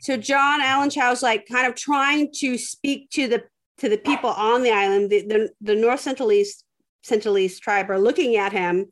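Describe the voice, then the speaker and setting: A woman's voice: fairly high pitch, normal speed. A woman hosting a podcast, telling a story in casual chat, rambling with lots of fillers and restarts. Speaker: podcast host.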